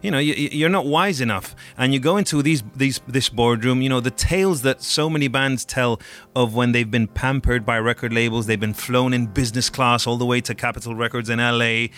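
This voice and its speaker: A man co-hosting a radio chat, his voice mid-pitched and ordinary. He rambles, circling back with plenty of fillers. Faint music plays behind him. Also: brisk, a bit bright. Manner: rambling, filler-heavy talk.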